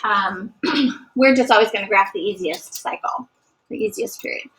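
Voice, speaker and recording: A woman's voice: medium pitch, moderate pace, fairly bright tone, poor audio. A woman teaching a math lesson to a class, encouraging and sometimes singing short note patterns. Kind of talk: classroom lecture.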